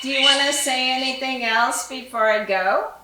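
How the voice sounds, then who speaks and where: A woman's voice: high-pitched, normal speed. A woman leading a spirit box session as a paranormal investigator, asking short questions and repeating back what the device seems to say. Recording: roomy, distant, loud static hiss.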